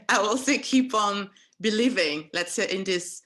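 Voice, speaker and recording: A woman's voice: mid-range voice, slow pace, fairly bright tone. A woman interviewer asking thoughtful questions and searching for her words as she goes. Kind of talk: interview conversation.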